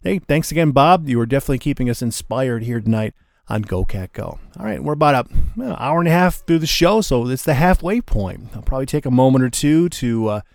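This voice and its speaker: Gravelly radio DJ, chatty. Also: male voice, mid-range voice, brisk, dry recording, studio quality. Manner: relaxed, chatty, enthusiastic about the records. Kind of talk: casual radio show patter.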